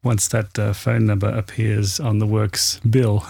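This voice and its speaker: A man's voice: fairly low pitch, level tone, unhurried, creaky, warm tone, husky, no room sound, clean studio sound. A man from the UK co-hosting a casual music podcast, talking thoughtfully with hesitations. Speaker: podcast co-host.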